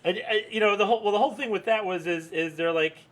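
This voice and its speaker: A man's voice: high voice, fast, fairly bright tone. A man co-hosting a casual podcast, chatty and joking, laughing often. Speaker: podcast co-host. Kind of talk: casual chat.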